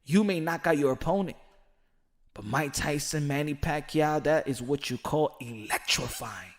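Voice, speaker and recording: A man hosting casual boxing commentary, talking in loose, slangy speech. His voice sits fairly high for a man, and he gets animated and repeats words when he gets worked up. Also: normal speed.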